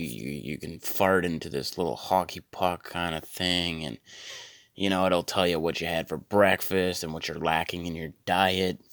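A man in his thirties hosting a podcast, rambling through a deadpan comic monologue with lots of stammered repeats. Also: sits low, vocal fry, no room sound, clean studio sound. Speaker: podcast host. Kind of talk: comedic monologue.

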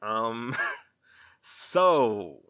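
A man's voice: medium pitch, big pitch swings, very slow, fairly bright tone, smooth. A man hosting a casual chat, rambling, laughing often and swearing freely.

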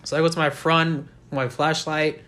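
A man's voice: a little high, little pitch movement, moderate pace, bright, forceful tone. A young man, a podcast co-host, telling a long rambling story in casual chat and laughing often. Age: young adult.

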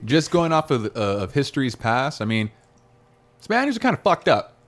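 A man's voice: fairly high pitch, big pitch swings, moderate pace. A man hosting a casual chat, asking a guest questions in a laid-back way, laughing often and swearing now and then. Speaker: podcast host.

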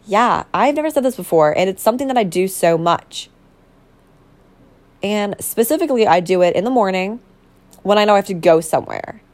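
A woman's voice: mid-range voice, darkish tone. A young woman hosting a casual solo podcast, rambling and bubbly, full of fillers and self-corrections. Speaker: podcast host.

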